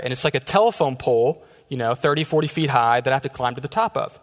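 A man preaching a sermon, telling stories with lively quoted back-and-forth. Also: mid-range voice, quick pace, few pauses. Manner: storytelling with quoted dialogue. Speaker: pastor. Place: church sanctuary. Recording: long hall reverb.

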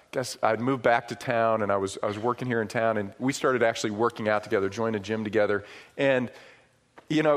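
A middle-aged man from upstate New York preaching a sermon, telling stories with swings from hushed asides to loud, emphatic points. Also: lowish voice. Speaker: pastor.

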